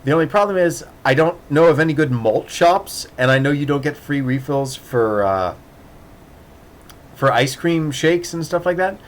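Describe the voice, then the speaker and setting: A man's voice: a little high, lively intonation, moderate pace. A man telling a casual, rambling story with many restarts and laughs, acting out voices in the quoted dialogue. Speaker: podcast host.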